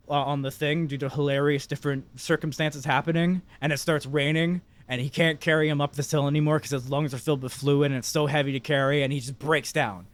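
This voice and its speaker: A man co-hosting a podcast, telling a story in loud, excitable casual chat, swearing heavily. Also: mid-range voice, dry recording. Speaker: podcast co-host.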